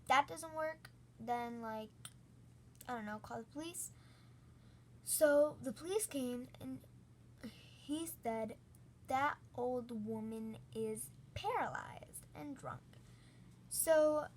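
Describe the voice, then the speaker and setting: Woman, storytime host, casual rambling, filler "like", slightly high voice, slow delivery. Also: a little mellow, slight background noise. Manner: rambling, heavy use of "like".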